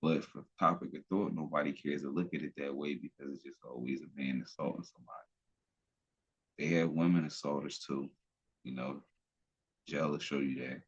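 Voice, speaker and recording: His voice rumbles low and steady with a breathy edge as he moves at a moderate pace through casual opinions on his podcast. He's blunt and profane, rambling and restarting often, and the audio is dull.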